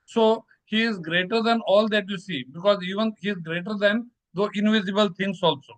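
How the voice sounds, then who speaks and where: A man presenting a measured, explanatory lecture on scripture, reciting verses slowly. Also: high-pitched, fairly bright tone, poor audio.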